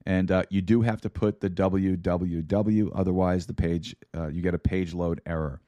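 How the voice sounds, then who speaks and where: A man with a scratchy, hoarse voice reads podcast announcements, stumbling over words and filling gaps with "uh". His voice sits very low and mellow, recorded dry and close. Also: steady tone, moderate pace, no echo. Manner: rambling with stumbles and fillers. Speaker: podcast host. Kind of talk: casual announcements.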